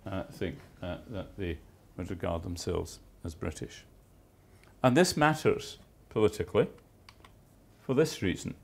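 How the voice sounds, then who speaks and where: A man's voice: low voice, normal speed, gravelly. A man giving a university lecture, with dry, wry asides and emphatic stresses on key words. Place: lecture theatre.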